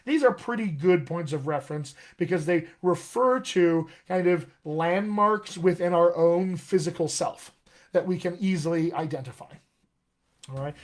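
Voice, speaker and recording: A man teaching accents and vowels as a dialect coach in a live online lesson, explaining patiently and often checking in with "all right?". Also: on the high side.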